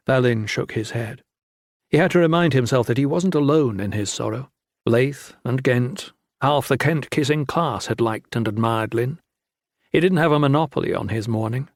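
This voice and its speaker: A man narrating a fantasy audiobook in a steady, measured storytelling manner. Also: mid-range voice, no echo, clean studio sound.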